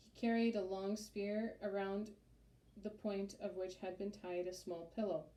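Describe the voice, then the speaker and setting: A woman narrating a children's chapter book in a steady, measured reading voice. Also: medium pitch. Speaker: audiobook narrator. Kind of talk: storybook narration. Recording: roomy echo.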